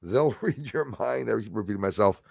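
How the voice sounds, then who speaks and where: A man with a low, gravelly voice chats casually on his own livestream, rambling and getting excited as he reads out and answers viewers' comments. The sound is close and dry, with no room echo. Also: normal speed. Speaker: livestream host.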